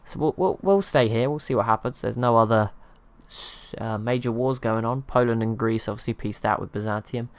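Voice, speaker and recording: A medium-pitched man hosts his gaming channel at a moderate pace, barely pausing, with no echo on the audio. He rambles casually over strategy gameplay, teasing himself and chuckling at his own remarks.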